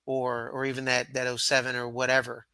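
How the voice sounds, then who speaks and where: Bright-voiced podcast host. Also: male voice, mid-range voice, completely flat delivery, a little fast, clean tone, dry recording. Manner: earnest, searching for words. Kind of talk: casual interview chat.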